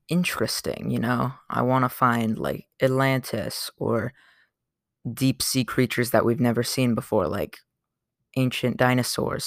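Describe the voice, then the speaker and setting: A young man talks through his solo podcast in a loose, rambling way, full of fillers and asides. His voice has a gravelly edge and sits at an ordinary pitch. The recording is dry and close. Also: a bit bright, no echo. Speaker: podcast host. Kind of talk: casual solo podcast monologue.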